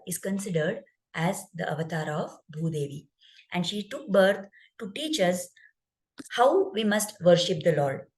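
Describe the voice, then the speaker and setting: A woman's voice: mid-range voice, a little mellow, poor audio. A woman spiritual teacher narrating a devotional story in an explanatory way, with rhetorical asides to listeners.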